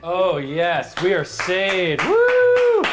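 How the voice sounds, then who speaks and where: A man's voice: high-pitched, fairly quick, loud music behind the voice. A young man streaming live, teasing his friends and joking with chat. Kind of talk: casual livestream chat.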